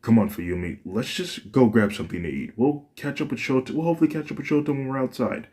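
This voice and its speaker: A man voicing a quiet, protective young man back home after years away, speaking calmly and firmly. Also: mid-range voice, fast talker, pitched above the performer's own voice, lightly acted. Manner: calm, firm, quietly warning.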